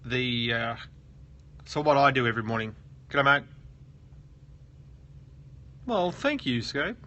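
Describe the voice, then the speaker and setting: Bright-voiced Australian man chatting live. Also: mid-range voice, sing-song, normal speed, lo-fi sound. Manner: chatty and joking, reads viewer comments aloud. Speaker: host of a live SEO question stream. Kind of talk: casual live-stream chat. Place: office at work.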